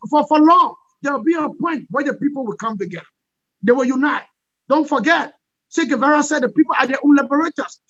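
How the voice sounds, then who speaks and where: A man giving an impassioned political interview as a guest, forceful and repetitive, often asking "all right?". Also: very high-pitched, no echo, muffled recording.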